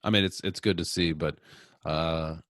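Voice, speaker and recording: A man's voice: very deep voice, fairly even intonation, normal speed, fairly bright tone, no room sound, studio quality. A man co-hosting a podcast, talking in a laid-back, agreeable way and turning blunt when he vents. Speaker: podcast co-host. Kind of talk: casual chat.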